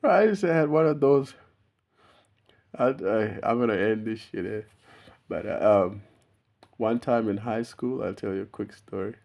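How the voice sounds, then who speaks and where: A man's voice: on the low side, unhurried, creaky, long pauses, darkish tone. A young man talking straight to camera in a loose, meandering monologue, laughing and swearing casually as he goes. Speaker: YouTuber. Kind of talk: unscripted rambling monologue.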